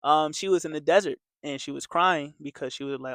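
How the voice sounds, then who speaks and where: A man's voice: fairly high pitch, brisk, a bit bright, no echo. A man giving a casual, earnest motivational faith talk as a coach, talking conversationally and repeating his points. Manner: earnest, repetitive, conversational with many fillers.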